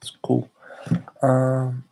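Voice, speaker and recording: A man's voice: medium pitch, monotone, extremely slow, creaky, mellow. A young Australian man chatting casually on a live stream, rambling and hesitant with many fillers.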